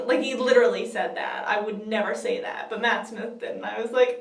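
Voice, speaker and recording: A woman's voice: mid-range voice, steady tone, brisk, creaky, few pauses. A young woman vlogger telling a story in a giggly, gushing way, full of fillers. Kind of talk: excited casual storytelling. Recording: roomy, distant from the mic.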